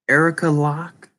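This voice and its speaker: Halting, stammering man with a speech impediment. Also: on the high side, bright, forceful tone. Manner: halting, stammering, apologetic, many restarts. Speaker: author chatting with viewers. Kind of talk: casual rambling livestream chat.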